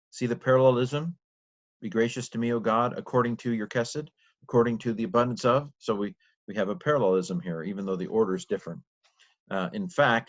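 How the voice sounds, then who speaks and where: A man's voice: on the low side, lo-fi sound. A man giving an informal grammar lesson late at night, thinking aloud, with restarts and self-corrections and sounding tired. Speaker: Bible teacher.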